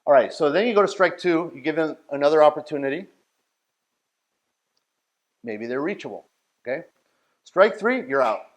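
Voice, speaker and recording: A man's voice: a little high, lively intonation, moderate pace, long pauses. A man leading a workshop, talking bluntly and directly and often checking that his listeners follow. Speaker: outreach workshop leader. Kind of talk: workshop talk.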